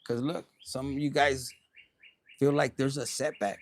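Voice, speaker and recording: A man doing a casual, animated tarot reading, swearing often and slipping into Spanish slang. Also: medium pitch, measured pace. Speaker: tarot reader.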